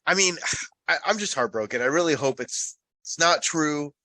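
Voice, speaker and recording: A man's voice: fairly high pitch, expressive, moderate pace, bright, forceful tone, dry recording, rough recording. A man hosting a podcast, chatting casually and animatedly, often breaking off mid-sentence and swearing. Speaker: podcast host. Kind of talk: casual chat.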